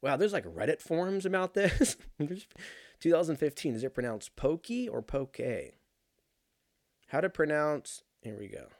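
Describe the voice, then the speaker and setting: Young man, casual rambling monologue, cursing, animated storyteller, dry close sound. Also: on the high side, normal speed, no room sound. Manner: profane, animated storytelling, laughs at himself.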